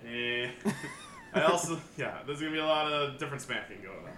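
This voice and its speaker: A man's voice: medium pitch, animated, fairly quick, pushed and bright. A young man co-hosting a wrestling podcast, chatting casually and rambling, swearing and laughing often. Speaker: podcast co-host. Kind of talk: casual banter. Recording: roomy echo, faint background noise.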